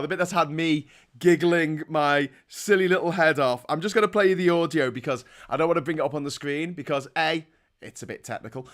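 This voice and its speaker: A man's voice: on the high side, fairly bright tone. A man hosting a morning show, chatting in a mocking, casual way and often breaking into laughter. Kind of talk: casual satirical commentary.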